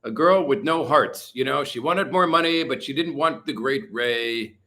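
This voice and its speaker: Here a BC livestream host talks at a moderate pace with a mid-range voice and a bright, forceful tone. Reading out viewer comments, he rambles casually, full of "you know" and "uh," while a fan whirs in his hot room at home.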